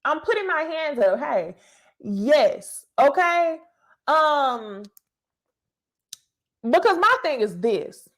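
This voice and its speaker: A woman hosting a casual reality TV recap, talking to viewers in an animated, profane way with laughing asides. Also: sits high, takes it slowly, pauses often.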